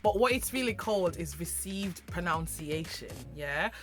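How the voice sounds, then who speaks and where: A woman from Jamaica with a Jamaican accent, chatting to camera in an animated, emphatic way with slangy asides. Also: on the low side, moderate pace. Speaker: vlogger. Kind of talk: casual chat to camera.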